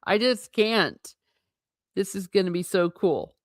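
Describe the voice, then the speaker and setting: A woman reviewing a novel, reading passages aloud and breaking in with gushing, animated asides. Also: medium pitch, slow, no echo, studio quality. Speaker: book reviewer.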